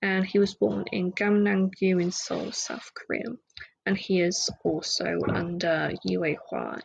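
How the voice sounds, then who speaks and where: A woman's voice: on the low side, little pitch movement, a little slow, vocal fry, slight background noise, low-quality recording. A woman hosting a solo podcast, chatting casually and rambling with fillers and side remarks. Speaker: podcast host.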